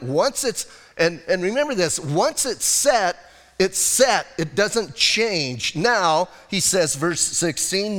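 A middle-aged male pastor preaching a sermon in a chatty, animated storytelling manner. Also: high voice, measured pace. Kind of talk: expository sermon. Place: church. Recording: reverberant church sanctuary.

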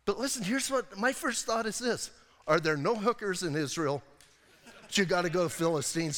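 A male pastor delivers a sermon in a relaxed, joking way, retelling scripture like a story and firing off rhetorical questions. His voice sits a little high for a man. The church sanctuary adds a long, trailing reverb. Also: moderate pace.

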